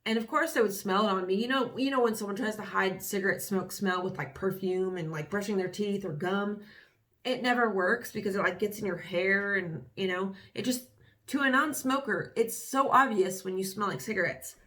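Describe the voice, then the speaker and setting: A woman's voice: medium pitch, moderate pace, a bit bright. A young woman vlogging casually, reading aloud from her old journals with candid, wry remarks and lots of fillers.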